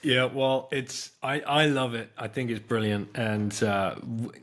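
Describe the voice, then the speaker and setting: A man's voice: mid-range voice, level tone, unhurried, a bit bright. A man hosting a podcast, chatting in an upbeat, teasing way. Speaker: podcast host. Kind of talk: casual chat.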